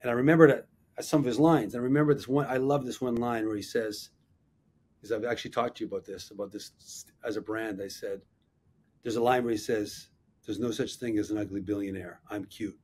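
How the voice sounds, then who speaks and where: Husky man telling stories. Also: medium pitch, brisk. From Canada. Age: 50s. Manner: animated storyteller, self-deprecating. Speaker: guest, marketing executive. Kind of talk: anecdotal interview storytelling.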